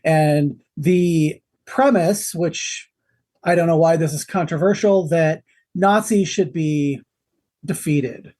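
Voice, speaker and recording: A man's voice: on the high side, slow pace, dark tone. Rambling sarcastic male podcast co-host. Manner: rambling, sarcastic, many fillers. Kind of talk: casual podcast chat. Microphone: video call.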